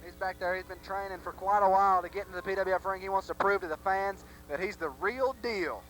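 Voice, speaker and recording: A man calling a local wrestling match play-by-play with excited, hype-driven energy. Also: high-pitched, fast talker, faint music behind, rough recording. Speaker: play-by-play commentator. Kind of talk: wrestling commentary. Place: armory arena.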